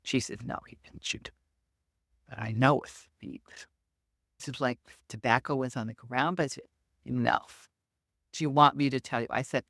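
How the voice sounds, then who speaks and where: A woman's voice: very deep voice, fairly quick, no room sound, studio quality. A middle-aged woman, a medium and podcast guest, telling anecdotes in an interview and acting out the quoted dialogue. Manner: animated, acts out quoted dialogue.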